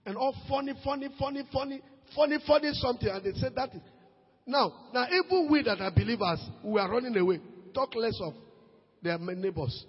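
High-voiced Nigerian preacher, husky and shouting. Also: male voice, expressive, a little fast, long reverb tail, highs cut off. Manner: preaches with sudden shouted rises and quiet drops, mixes in Pidgin. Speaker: pastor. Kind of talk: sermon.

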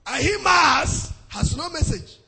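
A man preaches a sermon with a very high, ringing voice. He works slowly through each phrase, lets it swing into a sing-song, and shouts his hallelujahs. He repeats lines again and again to drive them home. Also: lively intonation, a little hiss or hum. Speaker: pastor.

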